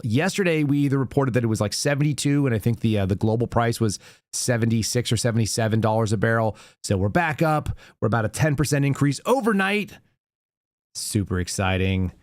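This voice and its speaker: A man hosts a live commentary show and picks apart the news with sarcastic, mocking remarks. His voice sits at a middle pitch for a man. The recording is dry, with no room echo. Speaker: show host.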